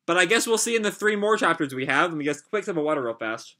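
A man's voice: on the high side, expressive, very fast, pushed and bright. A man casually reading a comic aloud and reacting to it live, with frequent filler "like"s.

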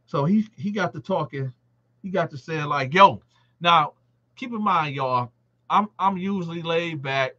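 On a lo-fi live stream, a man with a fairly high voice takes his time recounting a casual story from when he was locked up. He's animated, playing out other inmates' lines as he quotes them.

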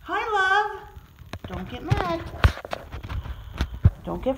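A woman's voice: very high-pitched, sing-song, slow, long pauses, fairly bright tone, slight background noise, poor audio. Woman cooing sing-song baby talk. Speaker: pet sitter visiting a cat. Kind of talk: casual talk to a pet. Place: client's home, indoors. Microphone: handheld phone camera.

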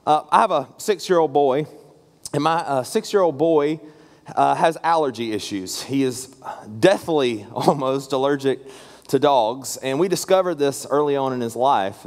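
A man in his thirties preaching a storytelling sermon as a guest pastor, earnest and conversational, often restarting his sentences. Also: medium pitch. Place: church sanctuary. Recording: long reverb from a large hall.

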